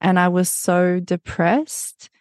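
Woman guest, low-ish voice, dry close sound, candid and intense storyteller who swears freely. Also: steady tone, slow, darkish tone, no room sound. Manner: intense, swears freely, acts out quoted people. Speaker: podcast guest.

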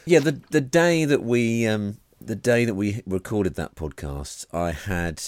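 A man co-hosting a podcast in casual chat, dry and deadpan with plenty of swearing. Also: lowish voice, measured pace, no echo. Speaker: podcast co-host.

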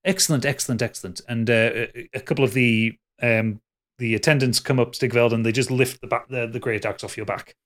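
A man's voice: mid-range voice, steady tone, fairly bright tone. A man narrating a tabletop game as game master, with lots of restarts and fillers. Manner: halting, many restarts and fillers.

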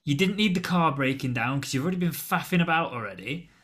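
Irritated man, slightly higher voice. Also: animated, quick pace, fairly bright tone. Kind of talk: casual chat.

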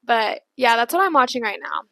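A woman's voice: a little high, expressive, fairly quick, gravelly, bright, forceful tone, no echo. Chatty young woman, dry close sound. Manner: rambling, heavy use of "like". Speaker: podcast co-host. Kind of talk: casual chat. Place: bedroom.

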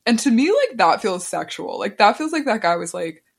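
A woman's voice: medium pitch, big pitch swings, fairly quick, gravelly, husky. Chatty young woman podcast host. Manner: chatty, sprinkles "like" through her talk. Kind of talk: casual chat.

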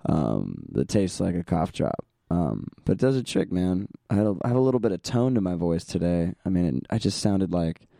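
A young man hosting a casual solo podcast, hoarse and tired, rambling along in a self-deprecating way and laughing often. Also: very animated, normal speed, few pauses, mellow, dry recording, clean studio sound. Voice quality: gravelly, sandpapery. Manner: low energy, tired. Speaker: podcast host.

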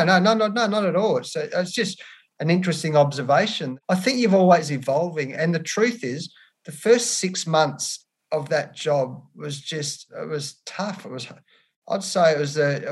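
A man in his fifties with an Australian accent, a cricket coach frankly telling stories as a guest and calling the host mate. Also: a little high. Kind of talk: candid interview storytelling.

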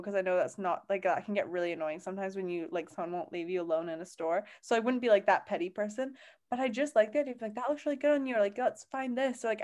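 A woman's voice: medium pitch, a little mellow. A young woman co-hosting a podcast, rambling in casual chat with many fillers and apologies. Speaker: podcast co-host.

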